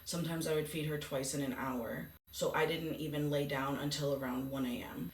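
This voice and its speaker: A woman's voice: fairly even intonation, moderate pace. A woman vlogger telling a painful personal story in a subdued, grief-stricken way. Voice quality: gravelly low voice. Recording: echoey room from a distance.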